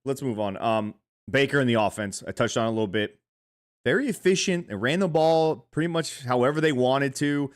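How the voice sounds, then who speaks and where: A man co-hosting a sports podcast, talking in a casual, animated way with frequent swearing. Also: medium pitch, fairly quick. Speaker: podcast co-host.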